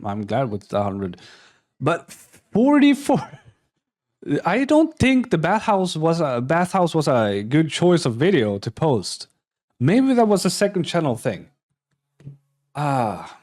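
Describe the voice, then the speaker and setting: A man's voice: mid-range voice, a little mellow. A young man, rambling and joking through a live reaction stream, often restarting his sentences. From Poland. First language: Polish. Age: young adult. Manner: rambling and self-mocking, with frequent restarts and swearing.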